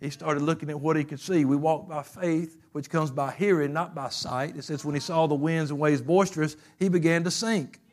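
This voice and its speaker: A man preaching a fervent sermon, telling stories and swinging from loud bursts to hushed passages. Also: on the high side, steady tone, normal speed, hardly any pauses.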